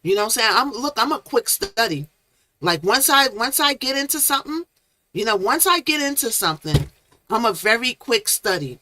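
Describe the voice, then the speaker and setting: Bright-voiced chatty woman live-streaming. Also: on the high side, big pitch swings, moderate pace, slight background noise. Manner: chatty, reads chat names aloud, playful made-up words. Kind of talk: casual live-stream commentary.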